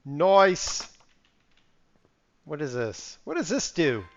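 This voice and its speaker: A slightly high-pitched man talks slowly through a live game stream, mumbling to himself and then jumping into sudden exclamations, with a pitch that swings widely. He sniffles now and then. The stream audio sounds a little muffled and lo-fi. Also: huge pitch swings. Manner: chatty, muttering to himself while playing, with sudden exclamations. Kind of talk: casual live-stream commentary.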